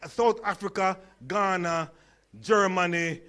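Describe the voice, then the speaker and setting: Jamaican man in his sixties, slight stutter and lisp, high-pitched storyteller, humorous keynote. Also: fairly even intonation, slow, sharp tone, smooth. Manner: storytelling, engages audience with questions. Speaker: conference speaker.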